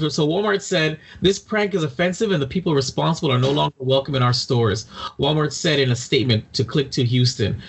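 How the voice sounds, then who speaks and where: A man's voice: on the high side, vocal fry, slightly rough. A man hosting a podcast over a call, chatting casually and jokingly with frequent restarts. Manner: rambling, joking, many restarts. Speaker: podcast host. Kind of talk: casual chat. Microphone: video call setup.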